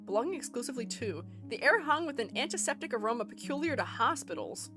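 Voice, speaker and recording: A young woman streamer chats with her viewers in a mixed Rust Belt American accent, laughing often and reading their messages aloud. Her voice sits slightly high and moves a great deal, leaping up and dropping low. Faint game music plays underneath. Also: lively intonation, fast talker. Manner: chatty, giggly, reads chat aloud. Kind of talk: casual chat while gaming.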